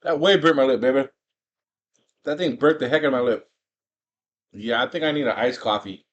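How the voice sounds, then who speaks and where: A man's voice: medium pitch, a little fast. A man hosting a movie chat from home, retelling a plot in a laid-back, slangy way. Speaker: movie review vlogger. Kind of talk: casual chat.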